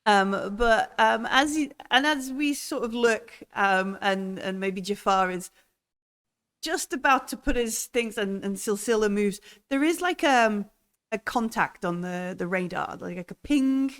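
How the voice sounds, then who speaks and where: A woman running a tabletop role-playing game as game master. She talks in a hesitant, halting way, filling her pauses with ums and likes. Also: medium pitch, fairly bright tone, clean tone. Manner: hesitant, lots of fillers.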